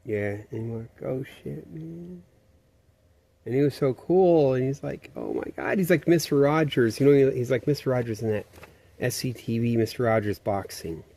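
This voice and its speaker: A man's voice: medium pitch, fairly quick, mellow. A man rambling through a profane, meandering, conspiratorial monologue.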